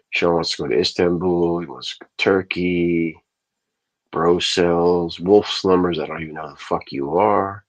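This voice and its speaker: Male livestream host, low husky voice, loose profane storyteller. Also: highs cut off. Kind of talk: casual ranting livestream.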